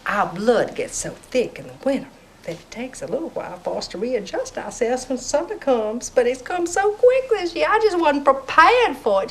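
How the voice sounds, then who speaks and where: A woman's voice: high voice, a little hiss or hum, low-quality recording. A gushing Southern mother. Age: middle-aged.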